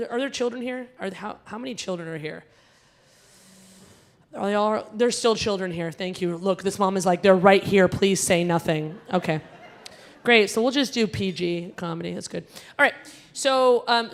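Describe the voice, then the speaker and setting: A woman emcee doing stand-up comedy at a gala, chatty and teasing the audience, with a Connecticut-like American accent, on a stage mic in a large hall. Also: medium pitch. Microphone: handheld stage mic.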